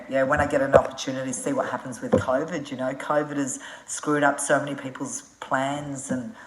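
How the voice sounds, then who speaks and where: Frank, chatty Australian woman on a live stream, very deep voice, roomy echo. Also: fairly bright tone. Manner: frank and chatty, swears freely, laughs often. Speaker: adventure motorcycle traveller answering viewer questions. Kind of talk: casual live-stream chat.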